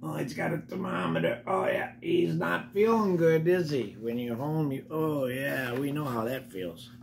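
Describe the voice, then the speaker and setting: A man's voice: on the high side, moderate pace, creaky, a little hiss or hum. An older man reading a picture book aloud to children, breaking off for chatty asides to the kids. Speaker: storybook reader.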